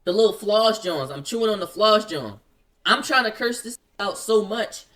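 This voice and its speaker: A man tells a story, jumping into the voices of the people in it with quick excited bursts. His voice has a bright, forceful edge, and he sits a little back from the mic. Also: sits high, distant mic. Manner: acts out quoted dialogue, rapid excited bursts. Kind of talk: animated casual storytelling.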